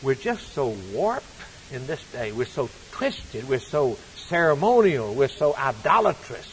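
A man preaching a sermon, swinging from loud, rising appeals to hushed, low passages. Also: very animated, a little slow, slight background noise, rough recording.

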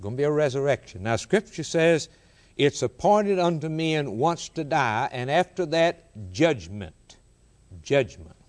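A man preaching a sermon, rising in pitch to quote scripture and repeating key words for emphasis. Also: lively intonation, measured pace.

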